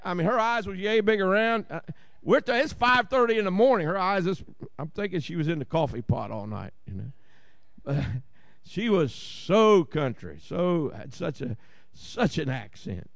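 A man's voice: on the high side, expressive, measured pace, no echo, studio quality. A man with a Southern Ohio accent preaching a sermon, folksy and joking, often asking the congregation "Amen?". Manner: folksy, jokey asides and repeated "Amen?" to the congregation. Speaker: pastor.

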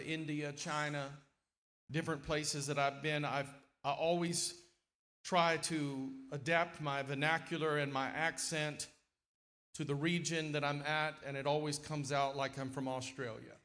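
Folksy preacher man with a higher voice. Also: moderate pace. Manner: lively, folksy, with sudden loud emphatic swells. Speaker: guest preacher. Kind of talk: sermon. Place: church sanctuary.

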